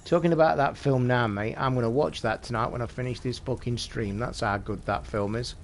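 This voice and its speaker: Male streamer, mid-pitched, casual gameplay chatter full of swearing, a faint hiss behind. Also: a little fast. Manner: chatty, swears constantly, talks to chat. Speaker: live streamer. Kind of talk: casual live gameplay commentary.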